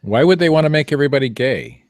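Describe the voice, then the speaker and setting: A man's voice: on the high side, lively intonation, fast, no room sound, clean studio sound. A man hosting a podcast, joking and rambling with restarts in casual banter. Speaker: podcast host.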